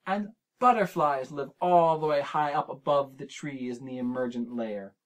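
A man hosting a preschool lesson, talking straight to the young viewer and sounding out words syllable by syllable in a gentle, encouraging way. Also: medium pitch, normal speed. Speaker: children's show host.

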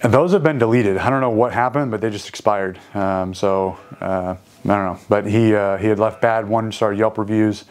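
A man's voice: on the low side, fairly even intonation, moderate pace. A man telling a long story casually, full of fillers and restarts, raising his voice when he quotes people. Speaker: gym owner and host.

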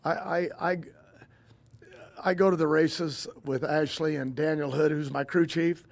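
Older man, guest storyteller, rambling halting delivery, slightly raised voice. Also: fairly high pitch, fairly even intonation, gravelly. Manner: rambling, halting, repeats words and restarts. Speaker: guest, drag racing team owner. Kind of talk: casual interview storytelling.

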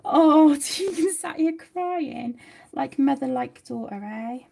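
Chatty woman, gravelly edge. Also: sits high, animated, takes it slowly. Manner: chatty, warm to viewers, reads out comments. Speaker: colouring livestream host. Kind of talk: casual livestream chat. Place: home.

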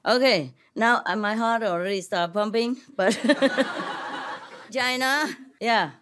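A woman speaking to an audience in slow, halting English, mixing in French words and laughing often, with a cough. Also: mid-range voice, noisy background. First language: not English. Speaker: spiritual teacher addressing an audience. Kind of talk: casual talk to an audience, joking.

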